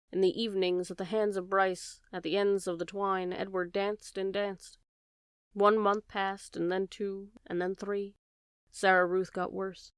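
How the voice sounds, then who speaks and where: A woman reading a children's novel aloud with steady, gentle narration. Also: mid-range voice, smooth, dry recording, studio quality. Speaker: audiobook reader. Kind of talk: storybook narration.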